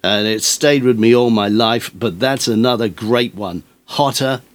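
A man's voice: fairly low pitch, normal speed, dry recording. Older man, rambling presenter. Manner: rambling, chuckling anecdotes with many fillers. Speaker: radio presenter. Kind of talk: casual radio chat between tracks.

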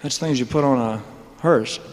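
Male entertainer, mid-pitched, loose and joking monologue, live hall with long reverb and faint hiss. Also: normal speed. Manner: loose, joking, drawling, full of "you know" and "man". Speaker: entertainer telling his career story on stage. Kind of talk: rambling onstage storytelling monologue. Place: large live venue with audience laughter.

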